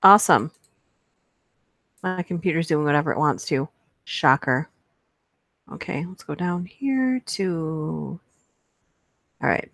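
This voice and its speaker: Low-voiced woman hosting a playful livestream. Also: lively intonation, takes it slowly, pauses often, fairly bright tone, dry recording. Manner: chatty and playful, laughs often, talks to the chat. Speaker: livestream host. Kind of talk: casual live chat, reading movie quotes aloud.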